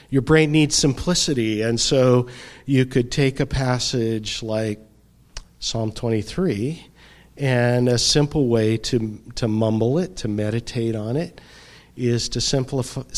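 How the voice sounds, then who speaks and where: A middle-aged male pastor preaches in an unhurried, deliberate way at a middle pitch. He pauses often and lets his phrases sink softly at the ends. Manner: slow, reflective preaching with pauses and soft drops. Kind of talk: sermon.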